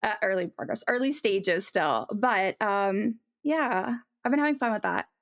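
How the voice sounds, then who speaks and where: A woman's voice: mid-range voice, animated, measured pace. A woman chatting casually on a live stream as she draws, rambling with many ums and answering chat.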